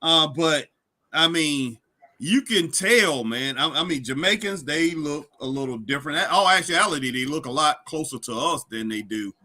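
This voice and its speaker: Man, very bright voice, slightly high, chuckling, reads viewer comments, casual co-host. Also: animated, normal speed. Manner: chuckling, reads chat aloud, filler "uh" and "you know". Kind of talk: casual live watch-along chat.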